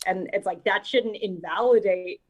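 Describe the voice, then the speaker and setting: A woman's voice: medium pitch, moderate pace, low-quality recording. Woman cohost on a movie podcast, chatty and thoughtful, reads out poll numbers. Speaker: podcast co-host. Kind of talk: casual movie news chat.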